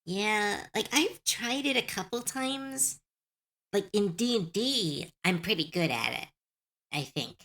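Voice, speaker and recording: A woman's voice: medium pitch, lively intonation, slow pace, pushed and bright. A young adult woman streamer chatting casually on a live stream, chatty and self-deprecating, laughing often.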